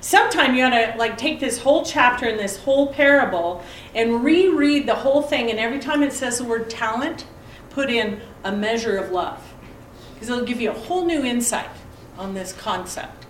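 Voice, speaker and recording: A woman's voice: a little high, lively intonation, moderate pace, a little hiss or hum. A middle-aged woman leads a conversational Bible lesson, asking her listeners pointed rhetorical questions and telling family anecdotes. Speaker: Bible study teacher. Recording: echoey room, mic at a distance.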